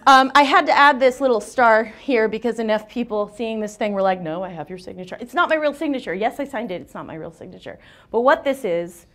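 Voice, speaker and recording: Lively woman giving a seminar talk. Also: on the high side, fairly quick. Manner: lively, joking, self-deprecating. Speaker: seminar speaker. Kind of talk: conference talk. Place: lecture room.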